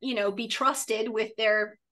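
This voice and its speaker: A woman in her late forties from Florida, a real estate coach chatting in an upbeat, animated way. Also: a little high, slow pace. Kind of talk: casual coaching conversation.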